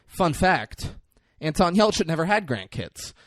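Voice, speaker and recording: A man's voice: fairly high pitch, big pitch swings, unhurried, no echo, clean studio sound. A young man co-hosting a casual film podcast, animatedly retelling scenes. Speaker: podcast co-host. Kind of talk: casual film review chat.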